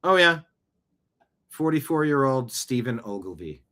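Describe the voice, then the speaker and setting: A man's voice: medium pitch, very animated, measured pace, fairly bright tone. A man hosting his own show, giving opinionated news commentary full of indignant rhetorical questions. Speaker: show host.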